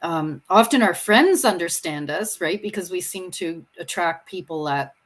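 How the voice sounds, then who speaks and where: A woman's voice: on the low side, expressive, normal speed. A woman co-hosting a talk show, speaking reflectively and often checking in with "right?" and "you know". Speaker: co-host. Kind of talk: reflective conversation.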